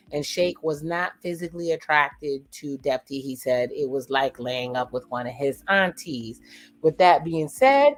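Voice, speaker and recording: A woman hosting a casual watch-along, chatting in slang and retelling a reality show's dialogue with blunt asides to her viewers. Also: sits low. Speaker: watch-along reaction host. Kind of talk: casual reaction commentary.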